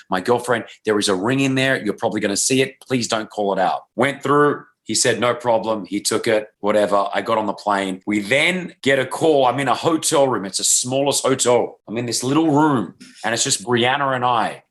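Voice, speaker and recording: A man's voice: medium pitch, a bit bright. A radio host in his thirties from Australia, telling a story as an interview guest and acting out the people he quotes.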